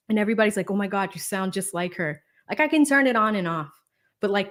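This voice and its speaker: A woman in her thirties from Boston with a Boston accent, chatting casually on a livestream and reading viewer comments. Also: medium pitch. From Boston, USA. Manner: chatty, animated, many fillers, reads viewer comments. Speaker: livestream host.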